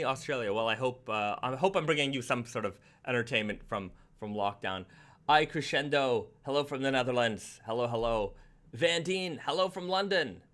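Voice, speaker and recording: A man's voice: mid-range voice, sharp tone. A man hosting a casual live stream from home, chatting with viewers and often repeating words as he restarts sentences. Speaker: livestream host.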